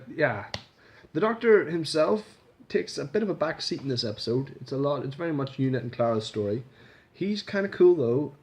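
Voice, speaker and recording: A man's voice: medium pitch, darkish tone. A man casually reviewing a TV episode in a rambling vlog, swearing freely and restarting his sentences. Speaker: video reviewer.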